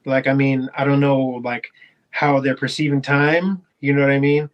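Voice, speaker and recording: A man's voice: mid-range voice, level tone, moderate pace, highs cut off. A man in a casual podcast chat who talks in slang and often repeats himself with emphasis. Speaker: podcast co-host.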